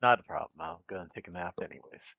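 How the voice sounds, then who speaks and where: A man voicing a drowsy, easygoing man in a tabletop game, with a gravelly, husky voice. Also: sits low, quick pace, bright, forceful tone, no room sound, dull audio, voice pushed down, exaggerated voice. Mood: laid-back. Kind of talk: tabletop role-play voice.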